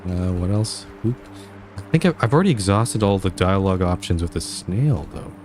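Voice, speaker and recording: A male game streamer talks in a low, relaxed voice, reacting wryly and trailing off mid-sentence. Soft music sits faintly in the background. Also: moderate pace. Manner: chatty, wry, laughs and trails off. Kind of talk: casual live commentary while playing.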